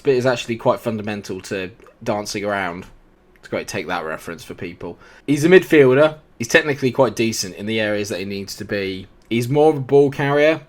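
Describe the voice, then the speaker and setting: Young man, mid-pitched voice, talks through his gameplay casually, self-mocking jokes. brief note: commentary voice. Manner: chatty, jokey, self-deprecating asides. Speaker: gaming YouTuber.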